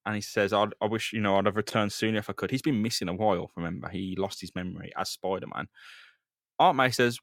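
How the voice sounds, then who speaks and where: A man's voice: on the low side, expressive, quick pace, no room sound, clean studio sound. A young man co-hosting a podcast, recapping a comic book with casual, sweary banter. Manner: recaps the comic with sweary banter, swinging between mumbles and loud bursts. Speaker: podcast co-host. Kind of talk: casual comic book read-through chat.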